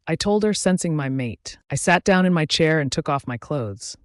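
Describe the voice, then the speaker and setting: A man reading a first-person romance audiobook aloud, dramatic and shifting between hushed and raised delivery. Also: on the high side, expressive, normal speed, hardly any pauses, no echo, clean studio sound. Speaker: audiobook narrator.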